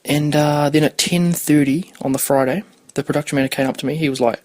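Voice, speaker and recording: Rambling casually and swearing freely, a podcast host in his twenties keeps losing his thread. He talks fast in a slightly high, steady voice with a darkish tone, and there's no room sound.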